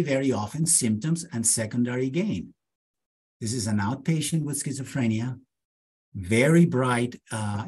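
A man in his late fifties delivers an academic lecture in a husky, slightly breathy voice at a middle pitch. He is measured and deliberate, and he slows his words to stress key points as he walks through case examples. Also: mellow. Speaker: psychiatry lecturer.

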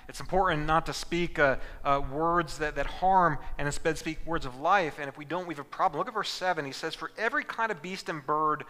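A man's voice: a little high, pushed and bright, big-room sound. A male pastor preaching an earnest sermon, often restarting his words, in a church. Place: church sanctuary.

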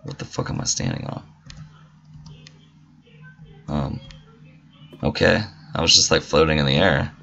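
A man's voice: a bass voice, steady tone, unhurried, gravelly, long pauses, sharp tone, muffled recording. A man casually commentating a gameplay video, swearing freely and making mock-indignant asides. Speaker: gamer. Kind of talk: casual let's-play commentary.

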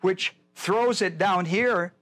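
An older male pastor leads a Bible study with a voice sitting a touch high for a man. He teaches in a folksy, rambling way, stopping to repeat himself as he works through a point. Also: slow pace, fairly bright tone. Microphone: whiteboard lecture in a church.

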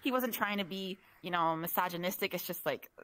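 Bright-voiced young woman rambling, drunk. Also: fairly low pitch, fairly quick. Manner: rambling, lots of "like" and fillers, animated storytelling. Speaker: streamer chatting with a friend. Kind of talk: casual chat.

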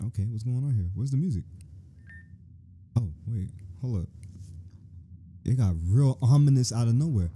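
A man hosting a gaming channel, playing through a fan game with excitable, joking and profane banter. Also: mid-range voice, normal speed, pauses often, slightly rough. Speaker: YouTube gaming host. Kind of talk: casual let's-play commentary.

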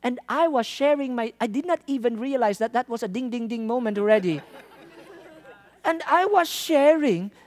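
A man from the Philippines, a traveling missionary telling a lively testimony in a sermon, laughing often and acting out the people in his story. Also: extremely high pitch, moderate pace, a faint crowd. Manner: animated, laughs often, acts out quoted lines.

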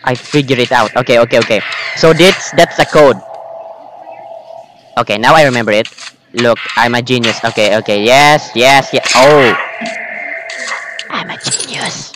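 A man giving jokey, excitable, self-mocking commentary while playing a horror game. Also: medium pitch, moderate pace, background noise. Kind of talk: casual gameplay commentary. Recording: loud game music behind.

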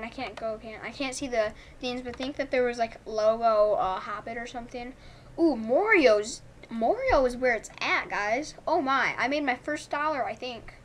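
A young woman from Canada giving chatty, excitable commentary while playing a game at home, thinking aloud. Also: a little high, a little hiss or hum. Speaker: gaming YouTuber. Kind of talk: casual gameplay commentary. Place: home room. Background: family's movie faint in background.

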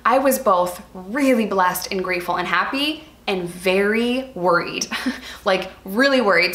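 A woman's voice: mid-range voice, bright, forceful tone. Earnest woman vlogger, roomy echo. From New York. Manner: earnest, chatty, addresses viewers as "you guys". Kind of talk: candid personal storytelling to viewers.

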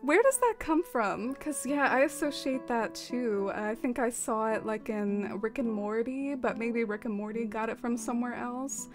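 A woman's voice: a little high, normal speed, hardly any pauses, music in the background. Giggly American woman streamer chatting. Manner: chatty, giggly, lots of fillers. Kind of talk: casual chat reading out chat messages.

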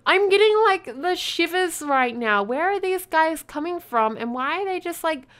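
Woman let's-play host, high and animated, unhurried, gasps at everything. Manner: excitable, gasping, exclaiming in wonder. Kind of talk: gameplay commentary.

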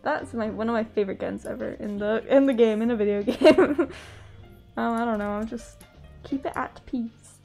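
Giggly high-voiced woman streamer. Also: normal speed, gravelly, dark tone. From US West Coast. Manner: giggly, talks to chat, laughs often. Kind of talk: casual live-stream chat. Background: faint background music.

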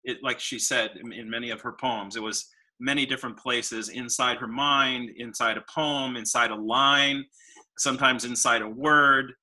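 A man's voice: medium pitch, fairly even intonation, sharp tone, low-quality recording. A man interviewing an author, asking long questions and searching for his words as he goes. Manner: halting, searching for words, many fillers and restarts.

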